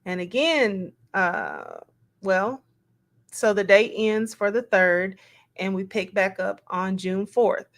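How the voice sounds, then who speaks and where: A woman reads text messages out loud at an unhurried pace. Her pitch sits in a middle range. She stops between the quoted lines to muse and add plain, casual remarks of her own. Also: very animated. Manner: slow, musing, reads quotes aloud with asides. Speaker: commentator reading text messages. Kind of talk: casual read-aloud commentary.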